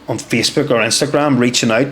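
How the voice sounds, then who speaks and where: A young man, a podcast guest telling stories in casual chat, lively and swearing freely as he acts out what people said. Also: medium pitch, fast talker. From Northern Ireland. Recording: roomy echo.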